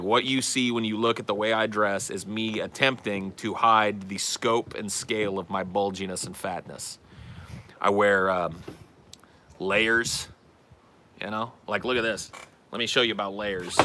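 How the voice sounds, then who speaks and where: A man with a fairly low but bright, forceful voice chats casually as a show host. He answers viewer questions bluntly, swears freely and jokes at his own expense. A faint hiss sits under his voice. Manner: blunt, profane, self-deprecating. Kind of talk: casual chat.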